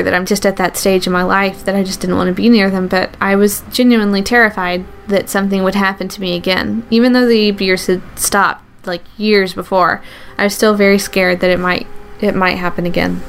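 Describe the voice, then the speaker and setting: A woman telling a true personal story with an earnest, halting delivery. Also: medium pitch, steady tone, slight background noise. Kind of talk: first-person true story told to an audience.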